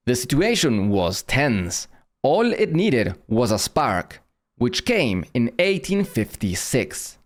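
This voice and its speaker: A man narrating an animated history story in a brisk, matter-of-fact way. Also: medium pitch, soft background music. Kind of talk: scripted narration.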